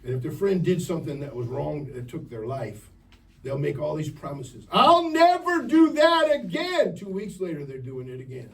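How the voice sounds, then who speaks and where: A gravelly, dark-toned man of medium pitch preaches at a moderate pace to a youth camp audience of teenagers at a church camp meeting. He is frank and joking, firing questions at the crowd, captured on a distant mic with faint ambient noise.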